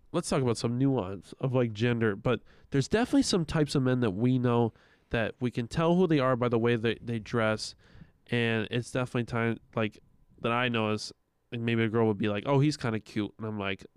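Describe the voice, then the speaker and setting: Young guy on a podcast, smooth clear voice, super dry close mic, doing voices when he tells stories. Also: mid-range voice, moderate pace, no echo. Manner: animated storytelling, acts out quoted voices, swears a lot. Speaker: podcast co-host. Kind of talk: casual podcast chat.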